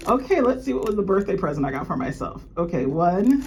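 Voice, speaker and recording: Excitable woman unboxing luxury goods. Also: mid-range voice, normal speed, slight background noise. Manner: gushing, excitable gasps and exclamations. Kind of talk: casual unboxing chat.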